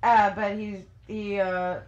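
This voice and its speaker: A woman's voice: medium pitch, flat delivery, slow, roomy sound, highs cut off, a little hiss or hum. A woman narrating as game master in a tabletop game, casual and full of fillers.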